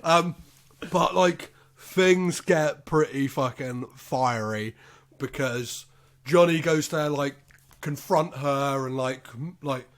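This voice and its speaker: Rambling man with a higher voice. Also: slow pace. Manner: rambling, filler-heavy storytelling with acted quotes. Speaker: podcast co-host. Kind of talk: casual chat reviewing a film.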